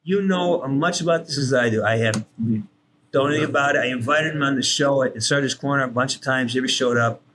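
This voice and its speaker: A man, a guest voice actor, telling stories on a podcast in an animated way, swearing freely and acting out what people said. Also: mid-range voice, a little fast, slight background noise. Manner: animated, swears freely, acts out quoted lines. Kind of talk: casual podcast storytelling.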